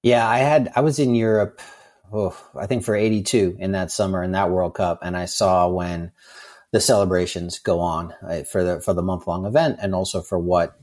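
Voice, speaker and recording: A man's voice: deep voice, fairly even intonation, moderate pace, darkish tone. A middle-aged man, a soccer coach co-hosting, talking eagerly and repeating words as he goes. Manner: enthusiastic, repeats words as he talks. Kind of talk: casual chat.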